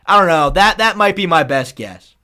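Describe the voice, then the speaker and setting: A man's voice: high-pitched, lively intonation, normal speed, sharp tone. A man chatting casually on a live stream, rambling, swearing freely and thanking viewers.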